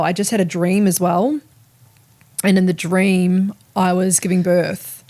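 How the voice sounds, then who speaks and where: A woman's voice: fairly low pitch, measured pace. A woman hosting a podcast, telling a personal story in a candid, casual way, swearing freely and acting out what people said. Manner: candid, swears freely, lively retelling with quoted dialogue. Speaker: podcast host.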